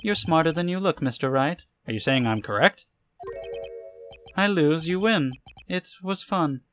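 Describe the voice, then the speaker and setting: A man's voice: fairly high pitch, expressive, unhurried, fairly bright tone, soft background music, voice pushed up. A man voicing a smug, scheming woman witness in a game, cool and dismissive. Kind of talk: reading game dialogue aloud.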